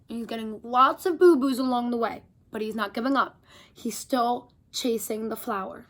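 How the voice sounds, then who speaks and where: A woman reading a picture book aloud to children, animated, and stopping to talk to her young listeners. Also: on the high side. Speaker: storyteller.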